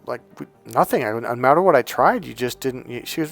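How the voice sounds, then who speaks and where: A middle-aged man who works as a dating coach, telling a personal story in a loose, profane, animated way and laughing along as he goes. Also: mid-range voice, quick pace, gravelly, hardly any pauses, faint music behind. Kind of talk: casual storytelling monologue.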